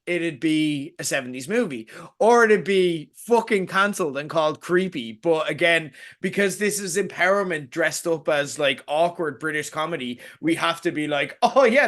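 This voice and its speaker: A man's voice: on the high side, fairly bright tone. A man co-hosting a podcast in casual chat, ranting with sarcasm and swearing, mocking what he dislikes. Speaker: podcast co-host.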